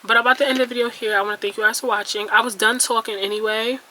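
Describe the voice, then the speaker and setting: A young female beauty vlogger, doing her makeup at home beside a ring light, chats casually with viewers and vents candidly, mocking herself and exclaiming often. Her voice is fairly high and sharp, with fairly even intonation and a racing pace. The recording is rough, with a little hiss or hum.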